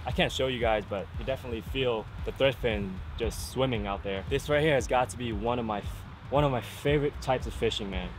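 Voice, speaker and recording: A fishing vlogger speaks fairly quickly in a mid-range voice, talking casually to viewers from a fishing pier in rain and wind. He explains his gear in an easy-going way, often saying "man," while a camera-mounted mic picks up wind, rain and outdoor ambience.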